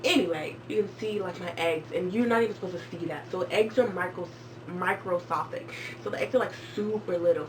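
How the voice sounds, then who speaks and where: A woman in her twenties telling a story casually and jokingly on a vlog, jumping into squeaky high voices when she quotes people. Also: a little fast, few pauses, noisy background. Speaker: vlogger. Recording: far from the mic with clear background music.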